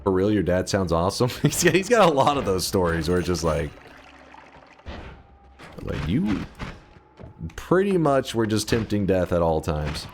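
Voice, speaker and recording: Low-voiced, lively streamer man. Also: moderate pace, long pauses, a little hiss or hum. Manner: rambling storyteller, swears freely, laughs often. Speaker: game streamer. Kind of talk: casual live-stream chat.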